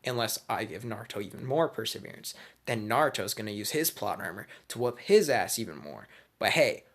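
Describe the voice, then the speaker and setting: A man's voice: fairly low pitch, lively intonation, brisk. A man casually telling a made-up fan story, crude, slangy and rambling.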